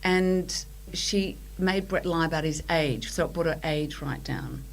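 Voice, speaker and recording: Australian woman telling a story, low voice. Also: a little slow, creaky, rough recording. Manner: animated storyteller who acts out quotes. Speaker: podcast guest. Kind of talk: storytelling in casual chat.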